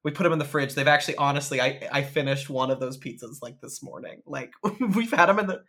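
A young man co-hosting a casual podcast, a stand-up comic telling stories in a loose, joking way. He pokes fun at himself as he goes, and his voice sits at an everyday middle pitch. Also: fast, a bit bright. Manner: joking, self-deprecating storytelling. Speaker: podcast co-host, stand-up comedian. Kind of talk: casual chat.

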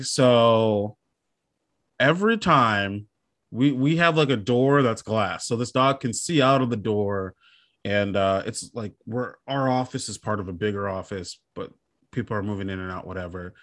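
On a podcast, a male co-host with a fairly low, slightly bright voice chats casually. He rambles through a comic story, poking fun at himself along the way.

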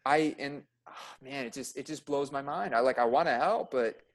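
Picture a male emergency room nurse in a loose podcast chat, speaking at an ordinary middle pitch. He tells his stories with a lot of fillers, and when a story gets tense his voice rises sharply in pitch and volume. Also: moderate pace. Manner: animated storyteller, filler-heavy, gets loud and high when agitated.

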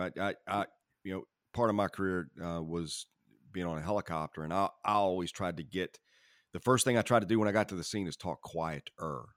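A man hosting a podcast, asking thoughtful, halting questions. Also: low-pitched, dry recording, studio quality. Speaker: podcast host. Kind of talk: casual interview.

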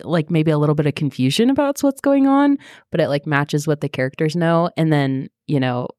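A woman with a low voice chats casually as a podcast co-host, with lots of fillers. Her voice sounds dry and close, with no room echo. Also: expressive, a little fast, dark tone. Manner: chatty, many fillers, retells scenes with laughs. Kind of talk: casual book club chat.

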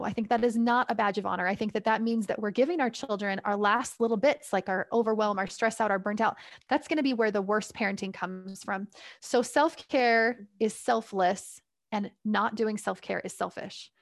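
A parenting coach, a woman with a medium-pitched voice, is a guest in a podcast interview, offering advice in an upbeat, conversational way and laughing between points. The recording is dry and of studio quality.

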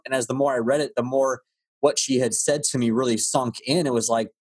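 A man's voice: mid-range voice, steady tone, a little fast, darkish tone. A man hosting a podcast interview, chatting casually and rambling with frequent restarts. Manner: rambling, stammers and restarts, friendly. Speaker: podcast host.

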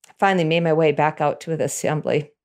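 A middle-aged woman telling a personal story in an animated way, chuckling as she goes. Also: low-pitched, fast.

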